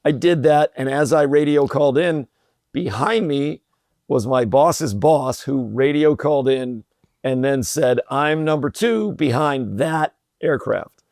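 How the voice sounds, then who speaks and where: A middle-aged man telling a personal story in an interview, relaxed and full of fillers and restarts. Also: medium pitch, measured pace, dry recording, clean studio sound. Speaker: podcast guest, company president. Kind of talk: conversational storytelling.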